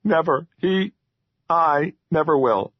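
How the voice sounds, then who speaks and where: A man's voice: fairly high pitch, slow, no echo, pitched above the performer's own voice. A man voicing a timid, whiny little male troll who pleads and speaks of himself by name, in an audiobook. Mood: pleading. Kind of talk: audiobook character voice. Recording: dull lo-fi dry recording.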